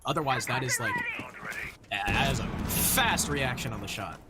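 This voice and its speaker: A man's voice: medium pitch, big pitch swings, moderate pace. A man giving casual color commentary on an esports match, breaking down plays. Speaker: esports caster. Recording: noisy broadcast with game sounds.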